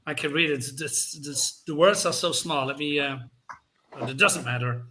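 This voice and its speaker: A man's voice: fairly high pitch, normal speed, bright, forceful tone, slight background noise. A man chatting on a livestream, hesitant and full of ums. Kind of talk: casual livestream chat.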